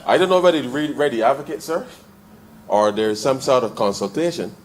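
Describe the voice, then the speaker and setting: A man with a Barbadian accent giving a parliamentary debate speech in the chamber, calling the chair "sir" almost every phrase and repeating lines as he builds to forceful points. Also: mid-range voice, animated, a little fast. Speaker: member of parliament.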